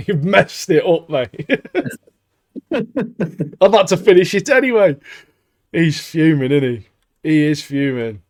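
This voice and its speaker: A man's voice: fairly high pitch, expressive, unhurried, pauses often. A man, co-hosting a podcast, joking and laughing in slangy casual chat. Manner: jokey, laughs a lot, slangy. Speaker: podcast co-host. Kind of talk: casual chat reviewing anime.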